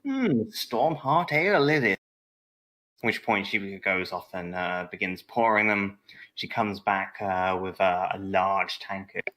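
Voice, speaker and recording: A man's voice: low-pitched, level tone, a little slow, sharp tone. A man narrating a tabletop game as game master, hesitant and full of fillers. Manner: hesitant, many fillers and "sort of".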